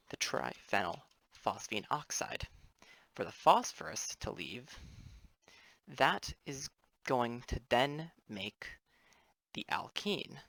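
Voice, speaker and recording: A man's voice: mid-range voice, fairly bright tone, no room sound. A young man, a student, giving a casual explainer lesson over his drawings, rambling with offhand apologetic asides. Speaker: student presenter.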